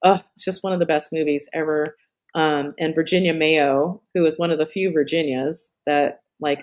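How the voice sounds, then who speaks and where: A woman's voice: low voice, fairly even intonation, moderate pace, a little mellow. A middle-aged woman hosting a live stream in casual chat, rambling off on tangents, swearing and laughing often.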